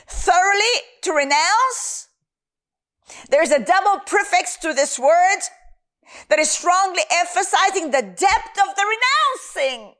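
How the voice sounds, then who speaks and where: A woman with a very high voice preaches a Bible teaching with slow, deliberate pacing. Her pitch swings widely as she stresses words and repeats short phrases for emphasis. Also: lively intonation, fairly bright tone. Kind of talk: sermon teaching.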